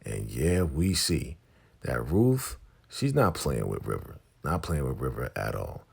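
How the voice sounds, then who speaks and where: Very deep, gravelly man recapping TV. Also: a little slow. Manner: animated, chatty retelling. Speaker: TV recap host. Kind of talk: casual episode recap.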